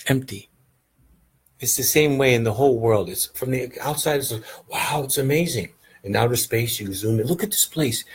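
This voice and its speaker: A man's voice: medium pitch, darkish tone, slightly rough, poor audio. A man giving a casual, rambling meditation lesson, earnest and often checking in with "right?". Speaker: meditation teacher.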